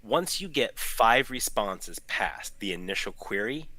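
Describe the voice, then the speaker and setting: Male co-host, lowish but bright tone, chatty explainer, dry close mic. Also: expressive, measured pace, no echo. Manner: chatty explainer, restarts and fillers. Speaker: podcast co-host. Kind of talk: casual chat.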